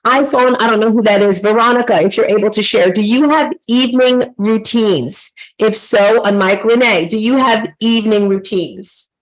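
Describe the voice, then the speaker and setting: A woman's voice: fairly high pitch, normal speed, hardly any pauses, low-quality recording. A woman hosting a live online workshop, casual and encouraging, giving tasks to her participants. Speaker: online class host and coach.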